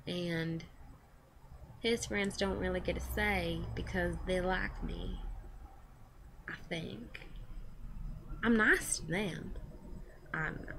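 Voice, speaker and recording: A teenage girl, a high school senior, rambling in a casual confessional vlog, full of "like" and quick self-corrections. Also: creaky, fairly bright tone, a little hiss or hum. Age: teens. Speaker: vlogger.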